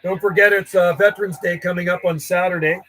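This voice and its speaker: Man, radio hobbyist, higher voice, easygoing rambling on-air chat. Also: fairly even intonation, fast, fairly bright tone, soft background music, poor audio. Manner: rambling and friendly, chatting to callers while logging contacts. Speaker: ham radio operator.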